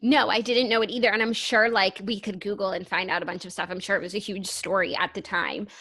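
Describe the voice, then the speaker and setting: A woman's voice: mid-range voice, steady tone, fast, sharp tone. A young woman co-hosting a podcast, chatting enthusiastically in casual talk with frequent fillers. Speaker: podcast co-host. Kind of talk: casual chat.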